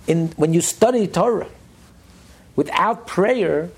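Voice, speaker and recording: A man teaching a study class with a gravelly, slightly husky voice. His pitch swings widely as he builds each point. He stresses ideas by repeating them. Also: normal speed. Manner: animated, emphatic, repeats phrases for stress.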